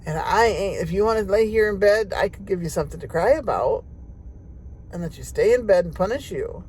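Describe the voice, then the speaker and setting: A woman's voice: mid-range voice, expressive, fairly quick, darkish tone, slight background noise, natural voice. A woman voicing a stern no-nonsense mother who bluntly scolds her daughter.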